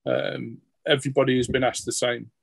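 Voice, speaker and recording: A man voicing a polite male gate guard at a manor, courteous and hesitant, with many pauses and ums. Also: medium pitch, little pitch movement, vocal fry, husky, no room sound.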